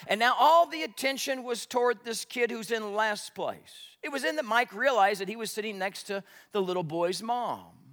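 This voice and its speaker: Male pastor, high bright voice, animated storyteller, sermon in a reverberant church hall.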